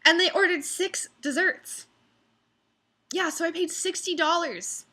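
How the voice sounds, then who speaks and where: A woman's voice: extremely high pitch, a little slow, pushed and bright. A young woman who works as a restaurant server, ranting casually about customers and mimicking them in exaggerated voices. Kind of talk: casual storytelling vlog.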